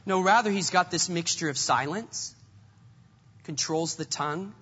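A man's voice: a little high, a little slow, bright, forceful tone, breathy edge, big-room sound, lo-fi sound. A man preaching a sermon with an earnest style, often repeating words as he goes. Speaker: pastor.

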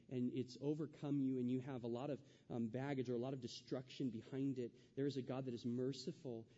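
A man's voice: mid-range voice, mellow, big-room sound, muffled recording. A male pastor preaching a sermon, acting out the quoted voices with rising intensity.

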